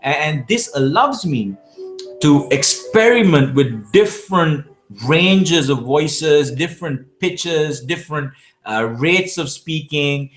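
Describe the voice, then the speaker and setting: Faint music plays behind a South Asian public speaking champion as he answers viewer questions live. His voice is a little high, expressive and slow, and he coaches emphatically, often restarting his words.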